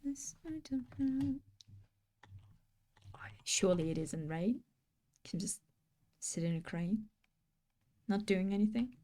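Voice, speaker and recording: A woman's voice: medium pitch, animated, takes it slowly, pauses often, warm tone. A woman chatting casually on a live stream while she draws, rambling and musing aloud to her viewers. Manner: rambling, musing aloud, hums and sings along between remarks.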